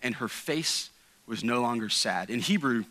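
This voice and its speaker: Bright-voiced man preaching with emphasis. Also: mid-range voice, animated, moderate pace, low-quality recording. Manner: earnest, emphatic, with frequent restarts and asides. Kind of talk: sermon. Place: church sanctuary.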